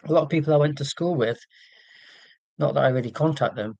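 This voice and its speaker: Quick-paced and fairly high, with vocal fry and a slightly mellow quality, a man from England talks in received pronunciation while hosting a casual livestream. He's chatty, reads and replies to live chat with many ums, and the computer mic cuts off the highs, with no room sound.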